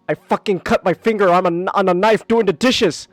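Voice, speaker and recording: A man streaming live and chatting casually, animated and swearing often, breaking into high whoops. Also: normal speed, hardly any pauses, dry recording, soft background music.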